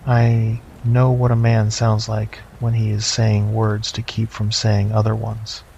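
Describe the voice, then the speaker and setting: Middle aged guy reading a horror story, real monotone, gravelly, kinda lo-fi. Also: lowish voice. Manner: slow, measured, deadpan. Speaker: narrator. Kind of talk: first-person horror narration. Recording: slightly dull lo-fi, faint noise.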